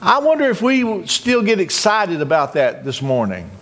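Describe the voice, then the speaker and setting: A man's voice: high voice, huge pitch swings, moderate pace. A male pastor preaching a communion sermon, retelling scenes dramatically and acting out joyful cries. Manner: dramatic, acts out shouted cries.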